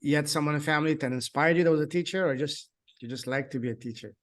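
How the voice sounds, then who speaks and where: A man's voice: fairly high pitch, fast talker. A man from France with a French accent who hosts a podcast interview and asks curious, upbeat questions. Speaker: podcast host. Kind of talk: casual interview chat.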